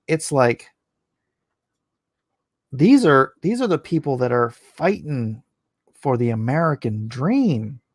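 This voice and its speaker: Hoarse male streamer, slow and rambling, dry close sound, casual opinion chat. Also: a little high, no room sound. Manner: rambling, opinionated, restarts often. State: voice going hoarse. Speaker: livestream host reading chat. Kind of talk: casual late-night livestream chat.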